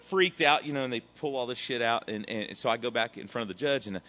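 A middle-aged man giving a profane, animated recovery testimony that swings between loud and quiet. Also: mid-range voice, fast, few pauses. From Texas. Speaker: recovery speaker.

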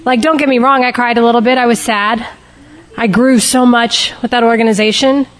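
A woman's voice: fairly high pitch, steady tone, brisk. A woman speaking candidly and emotionally to a recovery group, sharing her personal testimony and shifting her pace for emphasis.

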